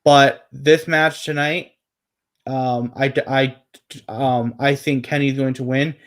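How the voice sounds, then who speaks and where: A man's voice: medium pitch, level tone, takes it slowly, fairly bright tone. A man co-hosting a casual wrestling predictions chat, rambling with many fillers and restarts.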